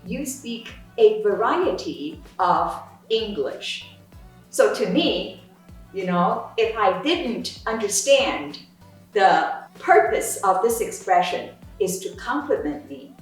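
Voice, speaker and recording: Slow, lively-voiced woman lecturer. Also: medium pitch. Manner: explanatory, lecture-like. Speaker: course instructor, sociolinguist. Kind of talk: teaching dialogue. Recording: roomy echo, distant mic, faint music.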